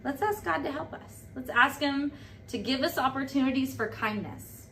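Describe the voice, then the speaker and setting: A woman in her thirties giving a casual devotional talk as a church leader, animated and playful, with quick asides. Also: sits high, gravelly. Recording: recorded from a distance with faint noise.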